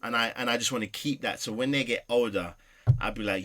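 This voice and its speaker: A middle-aged man, a podcast guest, telling personal stories with passion, swinging between loud and soft. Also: medium pitch, a little fast. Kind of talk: emotional personal storytelling.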